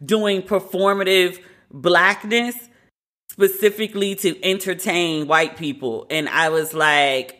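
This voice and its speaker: A woman's voice: fairly low pitch, steady tone, takes it slowly, sharp tone. A woman hosting a podcast, giving candid, opinionated commentary in a casual, conversational way. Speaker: podcast host.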